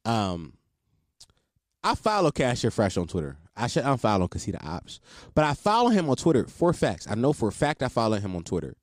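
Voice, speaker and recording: A man's voice: mid-range voice, huge pitch swings, brisk, no echo, clean studio sound. A young man hosting a solo show, ranting in a blunt, profane, mocking way. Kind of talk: casual comedic rant.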